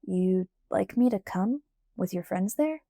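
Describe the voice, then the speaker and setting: A relaxed, playful teenage boy voiced by a woman reading an audiobook talks softly and unhurriedly. The tone is mellow. The sound is dry and close. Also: mid-range voice, unhurried, gravelly, no echo.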